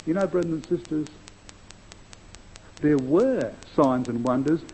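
A man preaching a sermon in a high, mellow voice. He speaks earnestly and with emphasis, slowing right down to stress each quoted verse. His loudness swings widely, sinking at times to a near hush. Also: a little hiss or hum, low-quality recording.

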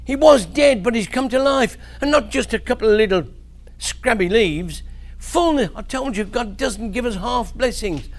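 A man preaching to children, telling a Bible story in an animated way with big swings in his voice. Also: very high voice, normal speed.

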